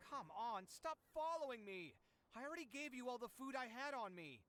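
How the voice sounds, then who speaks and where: A frazzled, broke young architect. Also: male voice, extremely high pitch, lively intonation, brisk, a bit bright. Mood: pleading. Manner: exasperated, sighing, self-pitying. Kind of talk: game voice acting.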